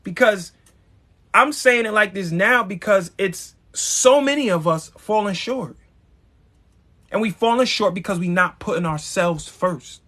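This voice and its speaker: Man, high voice, bright and sharp, preachy, blunt, talks straight to viewers. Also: a little slow. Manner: emphatic, preachy, blunt with profanity; addresses viewers directly. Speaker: live-stream host. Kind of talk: motivational live-stream talk.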